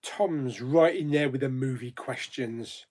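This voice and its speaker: Slow-talking man chatting on a stream. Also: medium pitch, a little mellow. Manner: chatty, greets viewers one by one by name; easygoing, thinks aloud with ums and asides. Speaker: host of a live chat stream. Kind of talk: casual live-stream chat.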